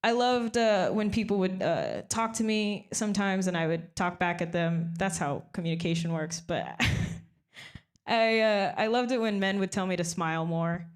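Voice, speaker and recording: A young woman performing a stand-up comedy set, deadpan and self-mocking, often breaking into little laughs. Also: medium pitch, a little slow, smooth.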